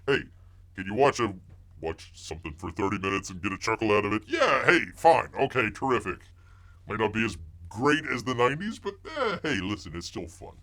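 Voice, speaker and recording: A man's voice: fairly low pitch, big pitch swings, a little fast, fairly bright tone. A middle-aged man hosting a live stream, rambling through movie news and chat comments while calling himself by a nickname in the third person and playing up mock outrage.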